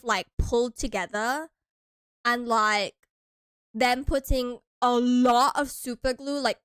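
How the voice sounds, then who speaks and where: Giggly high-voiced American woman streamer. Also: fairly bright tone, smooth, no echo. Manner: playful, giggly, chatty with viewers. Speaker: vtuber streamer. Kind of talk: casual chat stream.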